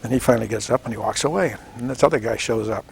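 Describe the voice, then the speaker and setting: Gravelly older man telling a war story. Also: mid-range voice, racing, a little hiss or hum. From Washington State, United States. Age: 70s. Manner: animated storytelling, acts out quoted voices, chuckles often. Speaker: veteran interviewee. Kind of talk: oral history interview.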